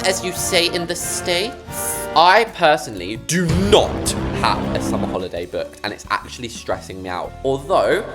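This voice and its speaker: A man, chatting and joking with viewers while commentating his game building. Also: fairly low pitch. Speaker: gaming YouTuber. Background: background music.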